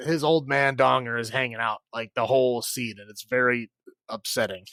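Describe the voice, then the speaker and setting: A man's voice: medium pitch, fairly even intonation, unhurried, fairly bright tone, no echo. A man co-hosting a podcast, casually recapping a film in a rambling way, full of filler words and laughs. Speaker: podcast co-host.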